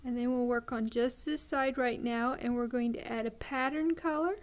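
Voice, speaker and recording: A woman hosting a beading tutorial, explaining each step patiently with frequent ums and pauses. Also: fairly high pitch, fairly even intonation.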